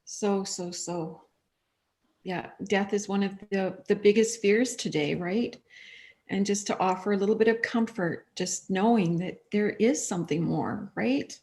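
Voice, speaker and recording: A woman, a guest author, chatting casually on a live show and telling stories with lively, acted-out quotes. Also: medium pitch, unhurried. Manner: animated storytelling, acting out quoted voices. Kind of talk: casual chat.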